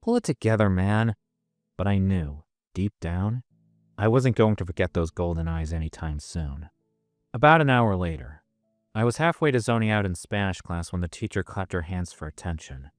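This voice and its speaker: A man tells a first-person story in a casual, self-mocking way. His voice is on the low side but rises and falls with plenty of life. The recording is dry and close, with faint music beneath. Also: expressive, moderate pace, no echo. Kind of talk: first-person scripted narration.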